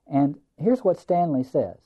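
A man's voice: on the high side, big pitch swings, a little slow, lo-fi sound. A man giving a lecture on a play, musing and reflective, repeating phrases for emphasis.

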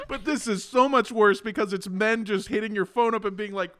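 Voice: mid-range voice, fairly quick, hardly any pauses, background noise. A podcast co-host chatting casually and animatedly, joking, swearing and laughing.

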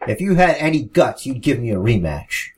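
A man's voice: mid-range voice, very animated, lightly acted. A man voicing an arrogant male wrestling villain, sneering and methodical. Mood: cold. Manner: measured and methodical, then sneering.

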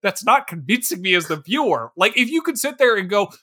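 A man's voice: sits high, a little fast. A young man co-hosting a comedic movie review podcast, riffing casually and acting out silly voices. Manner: animated, acts out silly voices for characters. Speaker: podcast co-host.

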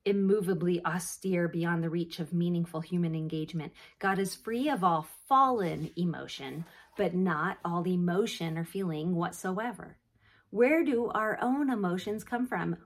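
A woman hosting a devotional podcast talk, speaking earnestly and asking her listeners rhetorical questions. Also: fairly low pitch. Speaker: podcast host.

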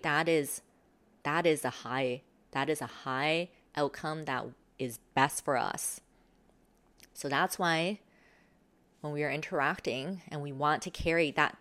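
A woman with a somewhat low voice talks through self-improvement advice. She slips into acted sample replies, sighing and laughing as she demonstrates. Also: moderate pace, fairly bright tone. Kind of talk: explanatory talk with acted example lines.

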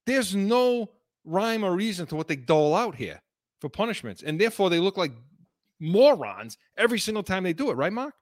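A man co-hosting a sports talk show, speaking in an easygoing, measured way. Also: high voice, big pitch swings, no room sound, studio quality.

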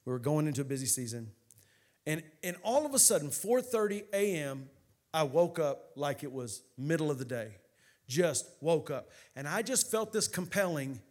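A pastor preaching a sermon, his voice sitting a touch higher than most men's. He tells a story in a hushed, close way, then climbs into loud, rising preaching. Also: lively intonation, normal speed.

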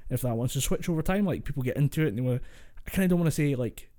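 A man's voice: medium pitch, animated, rapid-fire, dark tone. A man with a Scottish accent co-hosting a podcast, rambling through points in casual chat and laughing easily. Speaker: podcast co-host.

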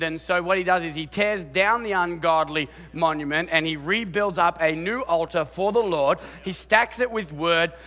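A man preaching in a bright, high voice that rings through a reverberant hall. He talks in a chatty, animated way, with restarts and playful acted-out lines. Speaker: pastor. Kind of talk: sermon.

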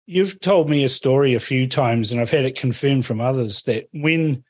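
A man's voice: mid-range voice, normal speed, no echo. A man hosting an interview, prompting his guest in a conversational way. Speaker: host. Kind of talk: interview questions.

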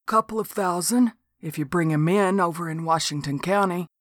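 Lady putting on a big easygoing lawman, low slow drawl, dry sound. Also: no echo, natural voice. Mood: matter-of-fact. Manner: slow drawl, matter-of-fact. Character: gruff big Southern lawman, laid-back.

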